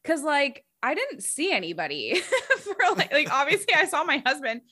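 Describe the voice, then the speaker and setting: A woman's voice: sits high, sing-song, normal speed, bright, forceful tone. A young married woman co-hosting a casual podcast, chatty and full of fillers, laughing often. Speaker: podcast co-host.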